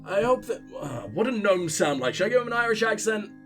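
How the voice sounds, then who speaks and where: A high-pitched man rambling through a video game with profane, sarcastic asides. His voice leaps all over the place, with faint music underneath. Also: sing-song, fairly quick, fairly bright tone. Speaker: let's play host. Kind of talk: gaming commentary.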